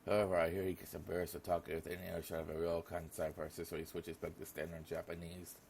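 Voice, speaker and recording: A man's voice: sits low, flat delivery, fast talker, vocal fry, a little mellow, slight background noise. A young man reading a visual novel aloud in a casual manner, stumbling over names now and then. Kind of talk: reading game text aloud.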